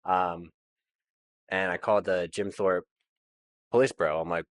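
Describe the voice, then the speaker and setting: A man's voice: fairly low pitch, unhurried, long pauses, no echo. A man, a landlord guest, telling his story casually with lots of fillers and nervous laughs.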